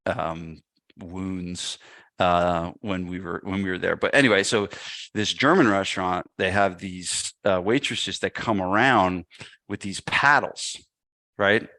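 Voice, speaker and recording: Man, deep voice, podcast guest, casual storytelling, acts out quotes, dry close sound. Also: a little slow, pushed and bright, dry recording. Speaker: podcast guest, gym owner.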